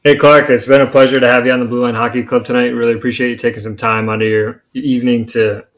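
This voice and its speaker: A man's voice: medium pitch, level tone, quick pace. A man hosting a hockey podcast, wrapping up with an upbeat, friendly manner. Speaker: podcast host. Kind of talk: casual chat.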